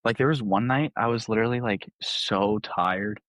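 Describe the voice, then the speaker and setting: A man's voice: fairly low pitch, moderate pace, a bit bright, dry recording. A young man, a podcast guest, telling a story casually, full of "like" and acted-out quotes. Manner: laid-back, lots of "like", acts out quotes. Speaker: podcast guest, college baseball player.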